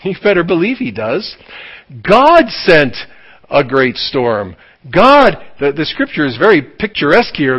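Animated preaching man, high lively voice. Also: measured pace, husky, rough recording. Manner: animated preaching with acted-out dialogue. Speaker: pastor. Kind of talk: sermon.

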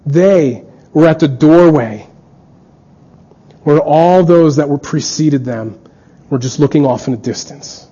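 An earnest male preacher with a fairly high, mellow voice. He delivers a sermon and acts out quoted dialogue as he goes. The recording sounds dull and lo-fi. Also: takes it slowly, long pauses.

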